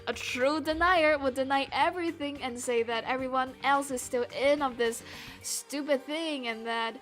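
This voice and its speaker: Woman streamer, casual game commentary, rambling, playful, unhurried, high voice. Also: a bit bright, soft background music. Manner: rambling, playful, laughs often; tries out character voices aloud. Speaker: streamer playing a visual novel.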